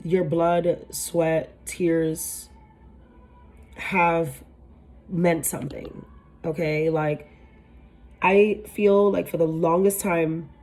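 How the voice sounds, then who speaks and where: A woman's voice: fairly low pitch, steady tone, extremely slow, pauses often, darkish tone, soft background music. A woman giving a casual tarot reading, talking in a rambling, emphatic way with lots of fillers and casual swearing. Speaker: tarot reader.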